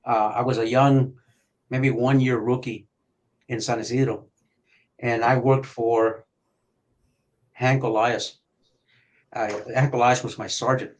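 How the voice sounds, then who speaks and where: An older man and retired detective telling police stories in a profane, animated way, acting out shouting as he goes. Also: mid-range voice, slow, pauses often, low-quality recording. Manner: profane, animated storyteller who acts out shouting. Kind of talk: storytelling on a podcast.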